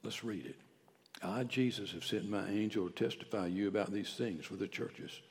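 A male pastor preaching a sermon, swinging from quiet, close talk to loud shouted calls. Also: on the low side, normal speed. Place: church sanctuary. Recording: church hall with long reverb.

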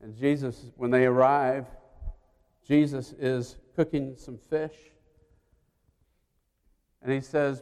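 Guy preaching slow, acting out the story, gets loud then real quiet, big echoey church. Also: medium pitch, steady tone, smooth. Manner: storytelling, acting out voices, swinging from loud to hushed. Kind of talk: sermon. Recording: long hall reverb.

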